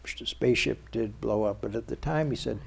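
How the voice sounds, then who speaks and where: Being interviewed in a local TV studio, a male publisher shares anecdotes, quoting the people in the conversations he recounts. He speaks fairly quickly at a medium pitch, his voice husky with vocal fry.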